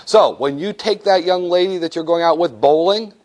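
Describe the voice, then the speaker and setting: A man's voice: fairly high pitch, moderate pace, a little mellow. A man teaching a business law class, lecturing in a joking way and acting out little scenes with students.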